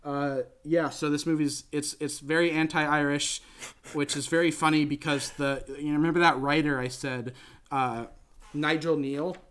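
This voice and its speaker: A man with a fairly high voice hosts a casual movie chat. He rambles with enthusiasm, piles up fillers and restarts, and keeps circling back to his point. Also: level tone, moderate pace, a bit bright, clear, resonant tone. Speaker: podcast host.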